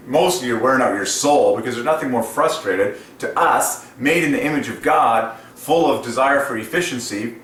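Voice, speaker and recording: A man's voice: mid-range voice, a little fast, few pauses, a bit bright. A man hosting his channel, ranting enthusiastically in a casual monologue and laughing often. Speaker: channel host. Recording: roomy echo, distant from mic, faint noise.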